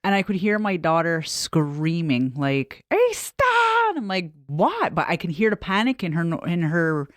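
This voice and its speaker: A woman's voice: low voice, normal speed, hardly any pauses, no echo, clean studio sound. A woman co-hosting a podcast, telling a story in casual chat with plenty of swearing and laughter. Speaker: podcast co-host.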